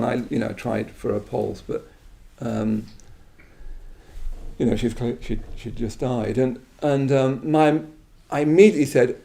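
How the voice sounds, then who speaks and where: Gravelly, mellow-voiced Englishman giving a talk. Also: medium pitch, fairly even intonation. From England. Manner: halting, many restarts and soft trailing asides. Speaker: Buddhist teacher giving a talk. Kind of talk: reflective spoken talk.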